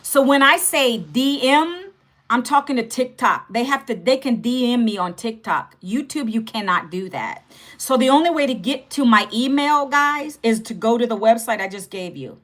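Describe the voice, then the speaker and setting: A woman's voice: on the high side, expressive, moderate pace. Chatty woman in her fifties hosting a livestream. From United States. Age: 50s. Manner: chatty, direct, repeats "okay" and "guys". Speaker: livestream host. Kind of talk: casual livestream pitch to viewers.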